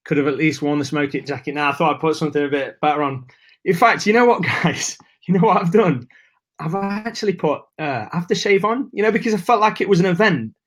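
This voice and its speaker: A man's voice: on the high side, fairly quick. A man hosting a live webinar, chatting casually and greeting viewers by name, a bit nervous. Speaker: webinar host.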